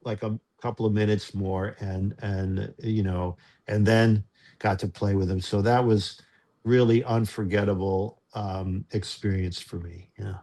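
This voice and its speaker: Man, low voice, halting and self-interrupting, emotional, casual interview storytelling. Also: fairly even intonation, dark tone. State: choked up. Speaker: guest musician.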